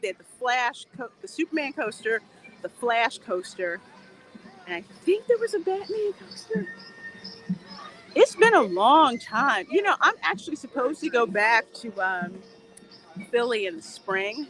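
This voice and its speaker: A woman's voice: a little high, a bit bright. A woman hosting a casual livestream outdoors while walking, chatty, laughing often and reading viewer comments aloud. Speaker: livestream host. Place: outdoors in a theme park. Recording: faint outdoor noise behind.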